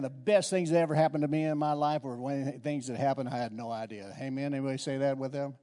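A man's voice: mid-range voice, darkish tone. A middle-aged man preaching a conversational sermon in a church, often repeating and restarting his words. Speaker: pastor.

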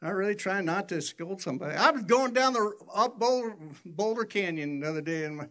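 Older guy preaching, storytelling, voice shoots up high when he quotes people. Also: animated, a little fast, a bit bright. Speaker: pastor. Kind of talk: sermon.

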